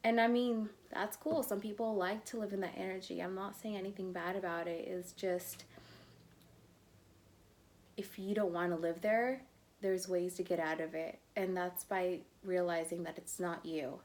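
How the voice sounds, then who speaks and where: A woman's voice: on the low side, fairly even intonation, moderate pace, a little mellow, slight background noise. A young adult woman, a love coach, talking casually and bluntly to her viewers, swearing freely. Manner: blunt, swears freely, calls listeners bro. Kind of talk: casual vlog-style talk to viewers.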